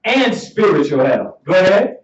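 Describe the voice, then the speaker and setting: Animated high-voiced male preacher. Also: moderate pace. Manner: animated, laughing, calls for verses. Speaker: Bible class teacher. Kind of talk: preaching Bible study. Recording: dull echoey room audio from far off.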